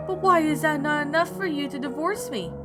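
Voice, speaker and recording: Brief: whiny, high cartoon mouse man near tears, read by a woman. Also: brisk, over music, natural voice. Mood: pleading. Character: pleading tearful cartoon mouse husband.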